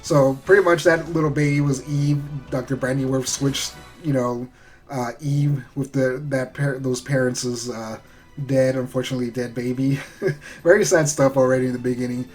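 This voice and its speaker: A man's voice: mid-range voice, fairly even intonation, moderate pace, faint music behind. A man giving a loose, rambling recap of a show episode, full of fillers and the odd swear word. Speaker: show reviewer.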